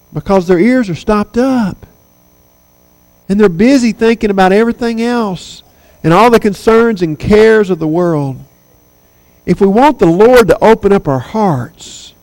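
A man's voice: high-pitched, poor audio. A man preaching a sermon, earnest and emphatic, pressing hard on his key points.

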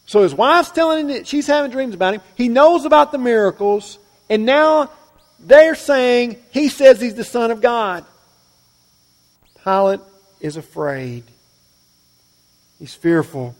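A male pastor preaching a sermon. He swings between loud, emphatic lines and quiet, low asides. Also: expressive, unhurried, pauses often, big-room sound.

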